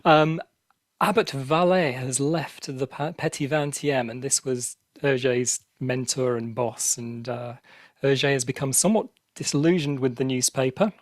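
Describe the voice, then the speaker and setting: A man's voice: mid-range voice, a little slow, no room sound. Chatty man giving background, dry sound. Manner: explains at length with many ums and restarts. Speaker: podcast co-host. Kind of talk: casual podcast discussion.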